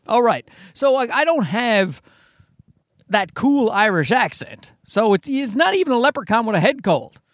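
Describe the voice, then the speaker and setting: A man's voice: extremely high pitch, very animated, moderate pace, no echo, clean studio sound. A man in his thirties, a comedian hosting his own podcast alone, rambling and self-mocking, swearing freely and restarting his sentences. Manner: rambling, self-deprecating, profane, with frequent restarts. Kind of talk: casual solo podcast monologue. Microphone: podcast microphone, dry close sound.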